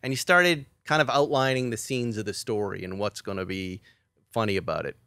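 A man's voice: lowish voice, fairly quick, smooth, dry recording. A middle-aged man, a comedy writer, telling a story in a podcast interview and acting out the quotes. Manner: animated storyteller who acts out quotes.

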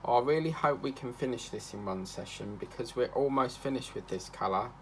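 A chatty man rambles through stories while he works on a craft project. His mid-pitched voice has a gravelly fry to it. A faint hum sits behind him. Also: a little fast. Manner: rambling, chatty, breaks into snatches of song. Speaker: craft channel host. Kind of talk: casual chat while crafting.

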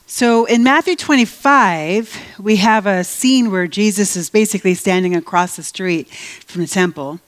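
Animated woman teaching the Bible live. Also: medium pitch. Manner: emphatic, animated, slows down to stress scripture. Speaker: guest speaker at a faith event. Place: live event venue before an audience.

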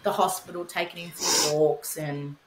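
A woman's voice: sits low, fairly even intonation, moderate pace, roomy sound, a loud crowd, poor audio. A young woman telling her story in casual podcast chat, candid, swearing freely, with many fillers. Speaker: podcast guest, bereaved mother.

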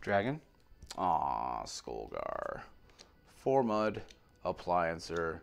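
A man opening trading card packs on camera, rattling off card names and swinging between quiet mutters and excited, sweary outbursts. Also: fairly low pitch, normal speed. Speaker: card pack opener on a video channel. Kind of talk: casual pack-opening commentary.

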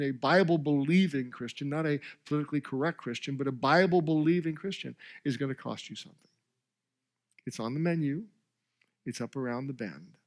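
A male pastor preaching a sermon, telling a story with emphatic, rising delivery and briefly voicing the characters. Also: fairly high pitch.

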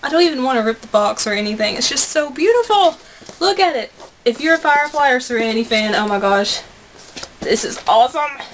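A young woman vlogging an unboxing at home, gushing and excitable, chatting to her viewers. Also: high-pitched, fairly quick, slight background noise.

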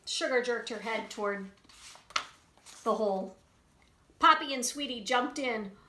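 A woman reading a children's book aloud in an expressive way to young listeners. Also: on the high side, a little slow, a little hiss or hum. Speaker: storybook reader. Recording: roomy echo.

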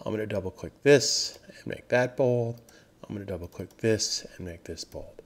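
A man teaching web design software, narrating a screen recording in an upbeat, emphatic way and repeating key phrases. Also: lowish voice, moderate pace. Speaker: software trainer.

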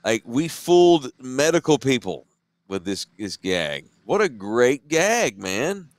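A worn-out man with a Texan drawl talks in a loose, meandering way and swears now and then. His voice sits at an average pitch, and the recording is dry and close with no room sound. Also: big pitch swings, slow, no echo. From Central Texas. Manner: laid-back, rambling, profane. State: tired. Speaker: podcast co-host. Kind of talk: late-night casual chat.

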